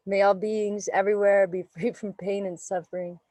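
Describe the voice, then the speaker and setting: A woman's voice: medium pitch, flat delivery, a little mellow, no room sound, poor audio. Soothing woman guiding a yoga class. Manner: slow, soothing, meditative guidance. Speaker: yoga teacher. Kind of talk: guided yoga class instruction. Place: yoga studio.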